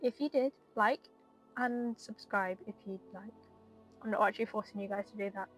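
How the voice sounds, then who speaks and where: A woman's voice: medium pitch, moderate pace, soft background music. A woman giving casual, emotional commentary on her gameplay and chatting to her viewers. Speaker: gaming video creator.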